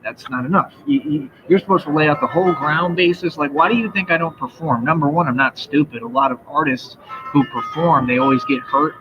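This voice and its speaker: Male streamer, raised voice, boastful and profane rant; muffled lo-fi mic, heavy music underneath. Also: fairly high pitch. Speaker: livestreamer. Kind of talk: ranting livestream monologue. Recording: dull lo-fi sound with loud music behind. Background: loud music.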